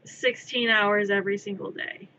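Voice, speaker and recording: Woman streamer, playful rambling chatter, bright voice, slightly dull home audio with faint hiss. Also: mid-range voice, fairly even intonation, moderate pace. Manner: rambling, playful, talks to her cat. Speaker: crafting streamer and artist. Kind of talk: casual live-stream chatter. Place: her own room.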